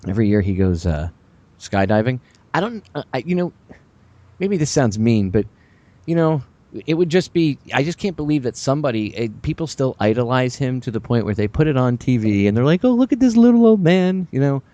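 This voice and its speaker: A man hosting a radio talk show, rambling with sarcastic, animated asides. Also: medium pitch, a little fast, muffled recording.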